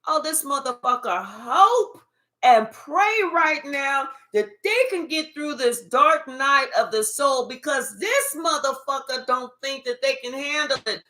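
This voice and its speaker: A woman's voice: high voice, animated, unhurried, bright, forceful tone. A woman giving a spiritual reading in an emphatic, profane, repetitive way. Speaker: tarot reader.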